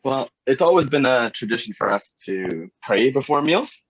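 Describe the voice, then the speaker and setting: A father sharing thoughts on a group video call, speaking in a thoughtful, halting way. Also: medium pitch, expressive, slightly rough, no echo, highs cut off. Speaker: participant, parent. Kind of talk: casual chat on a video call. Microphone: video call mic.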